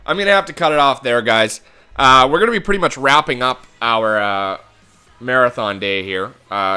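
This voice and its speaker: A young man with a bright, forceful voice narrates his hockey game as he plays it. He mutters to himself and then bursts into swearing and angry yelling. Faint music plays behind him. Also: lowish voice, clear, resonant tone. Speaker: gaming YouTuber. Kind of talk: game commentary.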